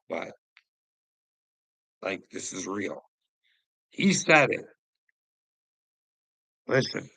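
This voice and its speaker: A man's voice: medium pitch, gravelly, sharp tone, no room sound, poor audio. A man delivering a profane, confrontational vlog rant, taunting the people he addresses. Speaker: online commentator. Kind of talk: ranting vlog monologue.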